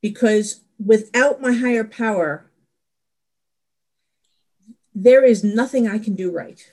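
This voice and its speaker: A woman's voice: a little high, takes it slowly, darkish tone. A middle-aged woman giving a candid, rambling personal share at a support meeting, laughing at herself. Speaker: recovery meeting speaker.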